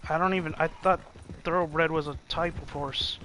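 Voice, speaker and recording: A man's voice: fairly high pitch, steady tone, moderate pace, heavy background noise. A man chatting casually while a friend plays a video game, explaining tips at length. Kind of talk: casual chat.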